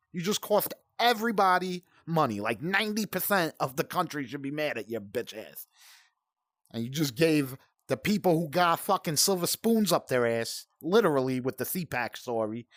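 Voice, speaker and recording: A man's voice: fairly high pitch, no echo, studio quality. A man in his forties hosting a gaming channel, ranting in profane, heated, rambling commentary. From United States.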